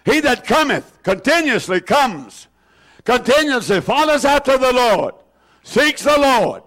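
A male preacher, delivering a sermon and drawing out scripture quotations with slow emphasis. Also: very high voice, big pitch swings, a bit bright.

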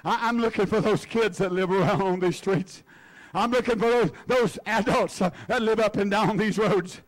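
High-voiced fervent preacher man. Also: normal speed. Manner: fervent preaching, repeating words for emphasis; calls on the congregation by name. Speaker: pastor. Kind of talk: sermon.

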